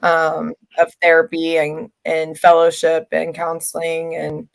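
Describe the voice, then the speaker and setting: Lower-pitched woman hosting a radio show. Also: completely flat delivery, vocal fry. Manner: halting, filler-heavy speech. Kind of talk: casual radio talk.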